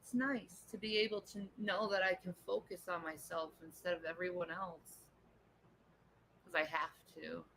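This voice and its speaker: A woman's voice: lowish voice, steady tone, normal speed, gravelly, fairly bright tone, slight background noise, rough recording. A woman chatting casually on a home livestream, answering viewer comments, laughing often and cooing at her pet.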